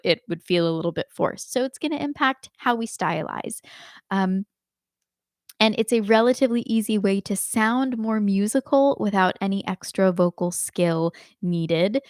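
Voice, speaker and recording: A woman giving a live online singing lesson, explaining clearly and demonstrating phrases by speaking and singing them. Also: mid-range voice, no echo, clean studio sound. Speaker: singing teacher.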